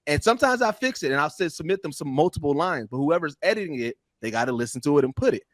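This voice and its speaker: A man's voice: a little high, animated, fast talker, no room sound, clean studio sound. A man co-hosting a podcast, telling stories in a rambling, laughing way with many fillers. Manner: rambling storyteller, laughs often. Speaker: podcast co-host and voiceover artist. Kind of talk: casual podcast chat.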